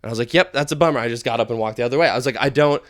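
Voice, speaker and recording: A man in casual podcast chat, telling stories in a profane, animated way. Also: medium pitch, very fast. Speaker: podcast co-talker.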